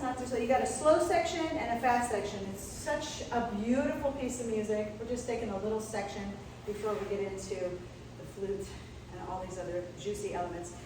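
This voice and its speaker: A woman's voice: on the high side, darkish tone, distant mic, a little hiss or hum. A woman dance instructor counting and cueing steps in rhythm as she leads a class. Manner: rhythmic, calling out steps in time. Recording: echoey room, mic from afar.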